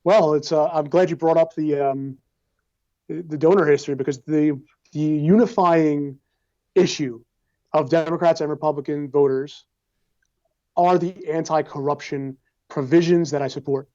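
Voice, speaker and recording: A man's voice: fairly high pitch, steady tone, moderate pace, warm tone. Earnest young male candidate, dull audio. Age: young adult. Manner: earnest, speechlike, with repeated phrases. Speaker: congressional candidate. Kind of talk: campaign interview answers.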